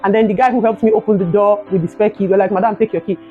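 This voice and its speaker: A young adult woman with a Nigerian accent, telling a personal story in a vlog, animated and emotional, ending in prayerful encouragement. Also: medium pitch, racing, phone-quality sound, faint music behind. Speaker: vlogger.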